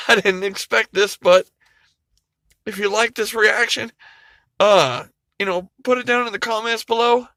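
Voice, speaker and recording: A man's voice: high voice, a little slow, pauses often, pushed and bright, no echo. A man vlogging, retelling a comic story in a rambling, emotional way, with frequent swearing and laughter. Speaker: YouTuber.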